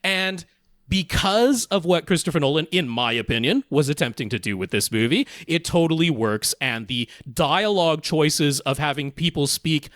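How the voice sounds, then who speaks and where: A man's voice: on the high side, animated, moderate pace, fairly bright tone, dry recording, studio quality. A man co-hosting a podcast, giving a casual, talkative film review with frequent restarts and fillers. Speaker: podcast co-host.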